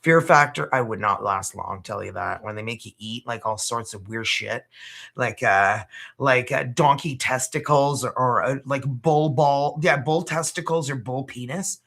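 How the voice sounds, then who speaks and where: A woman's voice: a bass voice, normal speed, creaky, a bit bright. A Canadian woman hosting a casual livestream, chatty and loose, swearing and laughing as she talks. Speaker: tarot reader hosting a livestream.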